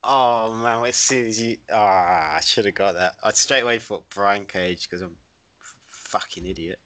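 A man's voice: fairly low pitch, a little slow, fairly bright tone. A man playing along as a contestant in a casual podcast quiz, rambling, laughing and swearing.

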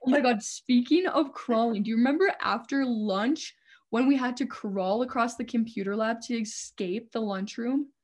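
A young woman co-hosting a casual chat, telling animated stories and swearing a lot. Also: a little high, normal speed. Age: young adult.

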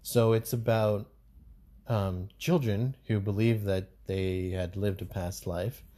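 A man co-hosts a casual podcast chat in a fairly low, mellow voice. He talks in a loose, rambling way, full of fillers. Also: steady tone, slow. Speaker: podcast co-host.

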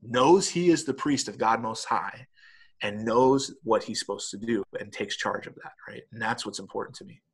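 A man's voice: fairly low pitch, moderate pace, husky. A middle-aged man in a casual conversation, telling stories animatedly and tagging his points with "right?". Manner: animated storyteller with many "right?" tags.

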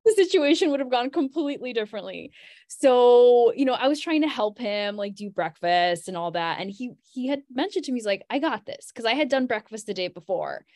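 A woman's voice: fairly high pitch, animated, a little fast, a little mellow, dry recording, clean studio sound. A young adult woman, a podcast guest, telling a personal story in casual chat, saying "like" often and laughing as she goes.

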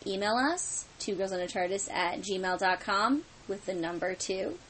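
A woman's voice: medium pitch, moderate pace, a bit bright, low-quality recording. A woman co-hosting a casual podcast, talking in a rambling, jokey way, a little tired. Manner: rambling, jokey, tired late-night talk. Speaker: podcast co-host. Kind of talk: casual chat.

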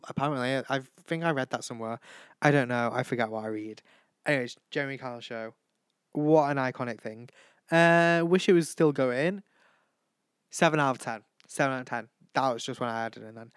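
A man's voice: mid-range voice, fairly quick, a bit bright, clean tone, no room sound. A young man rambles through a casual solo chat, giggling and saying sorry as he goes. His voice sits in a middle register and is recorded dry and close, with no room sound. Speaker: podcast host. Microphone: home microphone.

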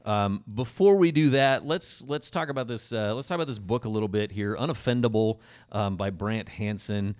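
Chatty man, low voice, dry close mic. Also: moderate pace, hardly any pauses, a little mellow, no echo. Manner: chatty, rambling with restarts and laughs. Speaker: podcast host. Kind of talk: casual chat.

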